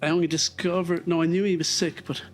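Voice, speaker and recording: A man's voice: fairly high pitch, flat delivery, quick pace. An Irish man thinking aloud while walking on a treadmill, reflective and rambling, with lots of fillers. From Ireland. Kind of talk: casual thinking-aloud monologue.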